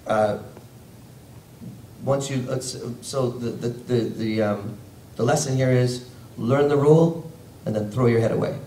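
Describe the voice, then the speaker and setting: A man, a voice actor speaking on a convention panel, telling stories in an animated, rambling way. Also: medium pitch, measured pace, recorded from a distance. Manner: animated, rambling storyteller who laughs often. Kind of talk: casual convention panel talk. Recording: echoey hall, faint ambient noise.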